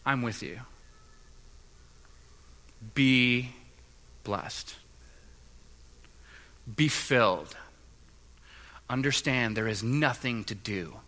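A man voicing a gentle, reassuring divine figure who speaks slowly and calmly. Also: mid-range voice, low-quality recording. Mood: tender. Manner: soft, slow and calm.

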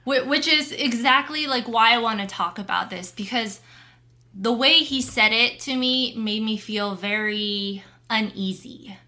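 A woman's voice: a little high, unhurried, pushed and bright. A young adult woman co-hosting a podcast, candid and open in casual chat. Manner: open, candid, laughs between thoughts. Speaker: podcast co-host.

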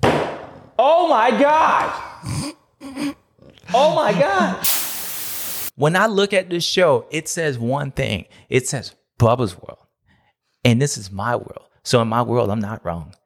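Male host for a racing recap, mid-pitched, animated, playfully grumpy. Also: unhurried. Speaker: motocross show host. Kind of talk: casual ranting commentary.

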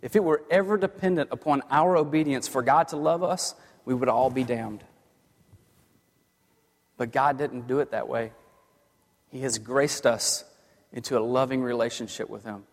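A man preaching a sermon as a pastor, earnest, moving from hushed lines to emphatic ones. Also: medium pitch, normal speed, pauses often. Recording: long hall reverb.

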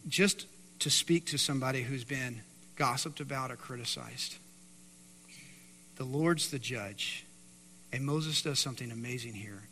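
Man, pastor, sermon, bright voice, loud emphatic swings to hushed, reverberant church hall. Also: medium pitch, a little slow, pauses often, slight background noise. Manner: swings between loud emphatic preaching and hushed quiet passages. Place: church sanctuary.

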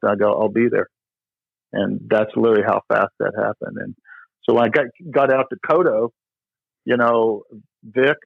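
A man's voice: fairly low pitch, gravelly, dry recording. A middle-aged man, a tennis pro, tells stories in a casual interview, rambling with lots of "you know" and restarts. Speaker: tennis pro, podcast guest. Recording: dry, tinny phone-like line.

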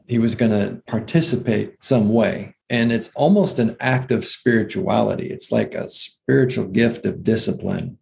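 A man with a gravelly, creaky edge and a somewhat low pitch talks through health ideas in a relaxed podcast conversation. He restarts his sentences often and tosses in "right?" as he explains. He comes across as a health practitioner co-hosting the show. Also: slight background noise. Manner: explanatory, with frequent restarts and "right?" check-ins. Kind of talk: casual conversational podcast talk.

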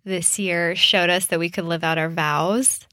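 A woman co-hosting a podcast with her husband, telling stories in an animated way and laughing often. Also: fairly low pitch, unhurried, dry recording, clean studio sound. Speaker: podcast co-host. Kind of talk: casual chat.

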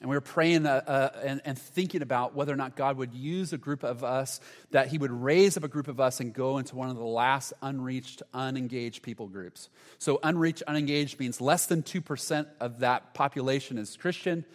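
A man preaching a sermon as pastor, earnest, often restarting phrases and dropping to a soft hush for quoted prayers. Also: mid-range voice, normal speed. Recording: long hall reverb.

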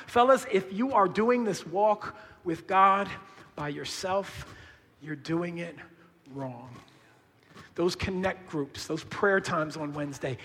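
Emphatic male preacher, high-pitched and bright, casual slangy delivery, reverberant church hall. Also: takes it slowly. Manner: emphatic, swings between hushed and shouting; conversational, uses slang. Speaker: pastor. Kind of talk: sermon.

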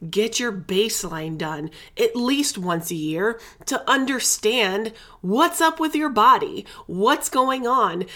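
A woman's voice: mid-range voice, pushed and bright. A middle-aged woman hosting a casual wellness podcast, talking candidly and chattily and dropping in endearments and the odd swear word. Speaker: podcast host.

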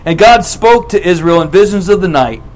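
A man preaching a sermon as a lively story, retelling scripture in casual words and acting out quotes. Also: high-pitched, poor audio. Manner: animated, casual retelling with quick acted quotes.

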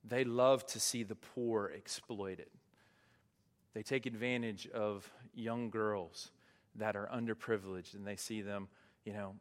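Man preaching in a reverberant hall. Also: lowish voice. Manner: conversational preaching with fillers, rising to emphatic peaks. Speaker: pastor. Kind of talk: sermon.

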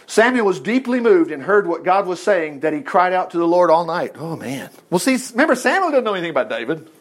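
A man with a high voice that leaps up and down as he teaches from the Bible. He talks casually and with animation, reading the text and stopping for quick remarks of his own. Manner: animated, reads scripture with asides and quick voiced quotes.

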